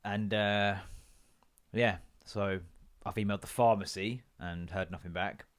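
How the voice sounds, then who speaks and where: A man's voice: on the low side, steady tone, a little slow. Sweary rambling man. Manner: sweary, rambling, jokey with put-on voices. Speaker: podcast host. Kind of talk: casual solo rant.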